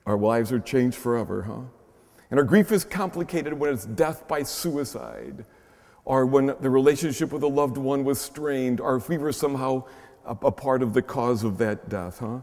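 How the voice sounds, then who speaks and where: A man with a Midwestern American accent, a pastor, preaches a chatty sermon with lively intonation at a moderate pace. His medium-pitched voice is a little mellow, he frequently tacks on a questioning "huh?", and the recording carries the long reverb of a large church shrine.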